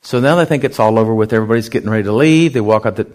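A male pastor telling a story in a sermon, animated and conversational, acting out other people's lines. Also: lowish voice, racing. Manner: lively anecdotal storytelling, acts out others' lines.

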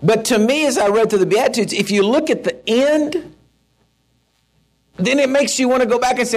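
A middle-aged man preaching a sermon in a folksy, animated way, with asides to the congregation. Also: very high-pitched, moderate pace, pauses often. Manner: folksy, animated, with asides and shouted mock-rants. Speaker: pastor.

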